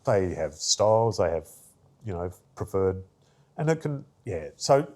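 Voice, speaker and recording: A man's voice: low-pitched, very animated, a little slow, a little mellow. A man, an artist guest, telling stories in a rambling casual way with lots of fillers. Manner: rambling, many fillers, acts out quoted voices. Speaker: artist and arts worker, guest. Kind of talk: casual interview storytelling.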